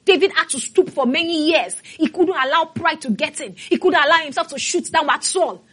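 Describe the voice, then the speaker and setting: A woman's voice: high voice, normal speed, a bit bright. A woman pastor preaching a sermon emphatically and calling out to her congregation.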